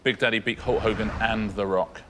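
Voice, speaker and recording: A man's voice: lowish voice, steady tone, brisk, sharp tone, slight background noise. A man co-hosting a TV quiz show, chatty and enthusiastic as he explains the answers. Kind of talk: game show chat. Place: TV studio.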